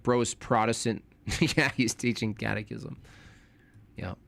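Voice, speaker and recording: A man's voice: lowish voice, fairly even intonation, a little slow, gravelly, a bit bright. A young man talking casually on a live stream, rambling and correcting himself, with informal slang.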